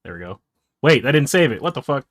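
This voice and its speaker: A man acting as game master, chatting casually and muttering to himself as he sets up software for a tabletop game. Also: mid-range voice, very animated, fast talker, no echo, clean studio sound. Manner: mutters to himself while clicking through software. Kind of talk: casual chat while setting up a tabletop game.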